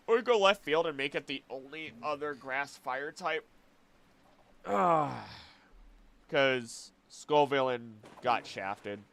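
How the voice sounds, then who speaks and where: A man chatting casually on a live stream, animated and talking to himself and his pet. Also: medium pitch, normal speed. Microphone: desk microphone.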